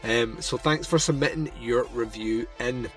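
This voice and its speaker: A podcast host with a medium-pitched voice chats casually and unhurriedly, with faint music behind him. He's enthusiastic and chatty, using plenty of fillers.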